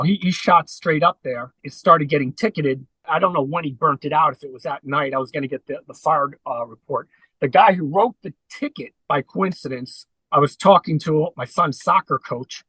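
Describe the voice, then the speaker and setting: Earnest man with a bright voice. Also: on the high side, slightly rough, no echo, low-quality recording. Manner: earnest, recounting at length. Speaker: podcast guest. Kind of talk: conversational interview.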